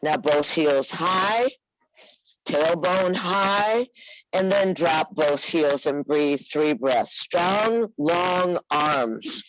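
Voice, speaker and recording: A woman teaching a live yoga class, giving unhurried, coaxing cues and teasing her students by name. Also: deep voice, no room sound, low-quality recording. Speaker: yoga instructor.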